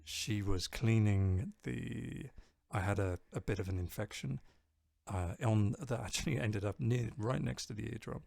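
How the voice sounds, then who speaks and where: A man playing bass on a live stream, chatting casually, reading viewer comments and joking at his own expense. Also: a little slow, vocal fry, a little mellow, no room sound. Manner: chatty, self-deprecating, laughs often.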